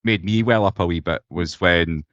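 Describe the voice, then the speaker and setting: A man's voice: sits low, normal speed, fairly bright tone, no room sound, lo-fi sound. A young Scottish man co-hosting a casual podcast chat, blunt and sweary, ranting with animation over a video call. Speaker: podcast co-host.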